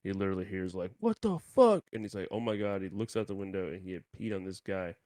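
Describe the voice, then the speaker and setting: A man's voice: low voice, level tone, fast talker, a little mellow, no room sound. A man co-hosting a casual podcast, telling rambling, crude stories full of slang. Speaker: podcast co-host. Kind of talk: casual chat.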